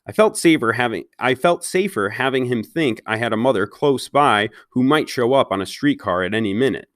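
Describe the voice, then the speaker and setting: A man's voice: mid-range voice, lively intonation, dry recording, clean studio sound. Man reading a children's novel aloud. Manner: pauses to question listeners directly. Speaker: read-aloud storyteller.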